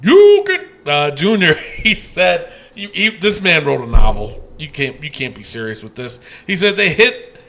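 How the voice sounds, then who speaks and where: A man hosting a casual podcast, loud and profane, reading out listener comments with laughter. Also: fairly high pitch, expressive, normal speed, a little hiss or hum. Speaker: podcast host.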